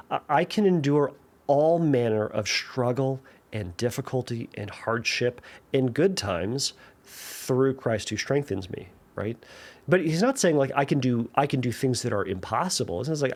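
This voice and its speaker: A man hosting a podcast, talking casually and answering a listener's question, with frequent fillers and restarts. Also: medium pitch. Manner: conversational, many fillers and restarts, tells jokes with animated voices. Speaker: podcast host. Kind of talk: casual chat.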